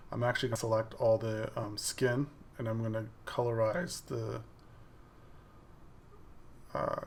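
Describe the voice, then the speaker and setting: Gravelly man talking through his art. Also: mid-range voice, slight background noise. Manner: explains each step as the work plays on screen. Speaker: digital artist. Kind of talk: casual voice-over of a drawing process video.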